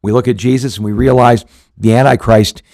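A man's voice: mid-range voice, fairly even intonation, fairly quick, vocal fry, a little mellow, no echo, studio quality. A male pastor hosting a show, teaching scripture in an earnest, conversational way, with frequent restarts and fillers.

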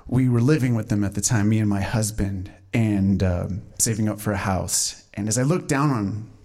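Low-voiced stand-up comic man. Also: moderate pace, darkish tone. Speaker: stand-up comedian. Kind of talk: stand-up storytelling.

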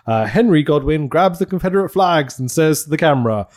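A man's voice: on the high side, animated, fairly quick, darkish tone. A man co-hosting a podcast, recapping a show in casual chat, laughing and swearing often. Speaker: podcast co-host.

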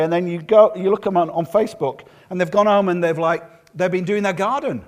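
A man preaching a sermon as a pastor, lively and acting out the words of others. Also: high-pitched, a little fast, few pauses. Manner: lively, acts out quotes of others.

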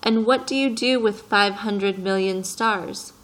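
A woman's voice: mid-range voice, measured pace, fairly bright tone, lightly acted, rough recording. A woman voicing an earnest, curious young boy who keeps asking questions, in an audiobook reading.

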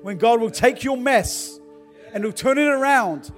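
A middle-aged pastor with a fairly high voice delivers a sermon at a measured pace, opening with relaxed personal stories before rising into fervent exhortation. Soft, faint music plays underneath.

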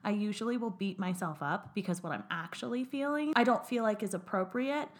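A woman's voice: medium pitch, a little fast. A young adult woman co-hosting a casual chat, talkative, swearing casually and laughing often. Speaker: podcast co-host.

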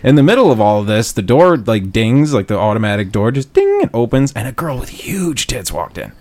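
A man co-hosting a casual chat show, telling a profane story and loudly acting out what people said. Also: medium pitch, fairly quick. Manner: profane, animated storyteller, loud acted-out quotes.

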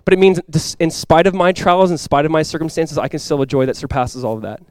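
A young man preaching a sermon as a pastor. He talks in a casual, conversational way with lots of "like," and swings from quiet, earnest lows to loud, excited highs. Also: fast, smooth, no room sound. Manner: casual and conversational, with many "like" fillers.

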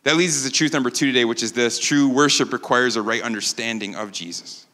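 A man preaching a sermon as pastor, animated and acting out the quotes he tells. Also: mid-range voice, fast, in a large hall. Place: church sanctuary.

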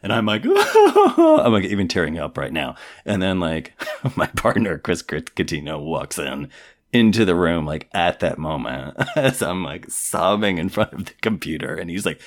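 Very low-voiced guy, casual podcast chat, says "like" constantly, rambly storyteller. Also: moderate pace. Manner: rambling storyteller, fills speech with "like".

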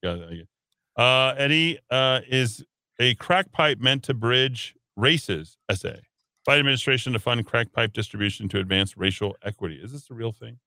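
A man's voice: medium pitch, moderate pace, sharp tone, dry recording, clean studio sound. A man hosting a talk radio show, reading listener texts aloud with sarcastic jokes. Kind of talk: casual radio banter.

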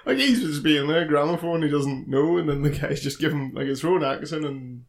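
A man's voice: on the high side, fairly quick, creaky. A man co-hosting a casual podcast chat, laughing often as he retells comedy sketches. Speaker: podcast co-host.

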